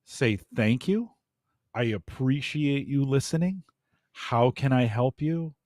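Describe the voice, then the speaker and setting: A man's voice: mid-range voice, lively intonation, slow, darkish tone, no echo, clean studio sound. A man in a casual podcast talk, giving earnest coaching advice to podcasters.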